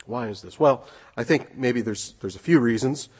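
A man's voice: mid-range voice, normal speed, slightly rough. A man preaching an earnest sermon, reading scripture and asking rhetorical questions.

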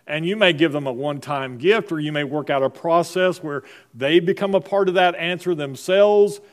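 A middle-aged man preaching a sermon as pastor, in a conversational style full of rhetorical questions to the congregation. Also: fairly high pitch.

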